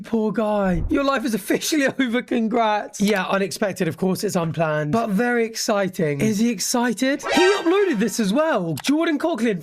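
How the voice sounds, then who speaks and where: A male commentator narrating over clips in a clearly high voice. He delivers wry, sarcastic quips in a commentary style. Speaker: video commentator. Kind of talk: scripted reaction commentary.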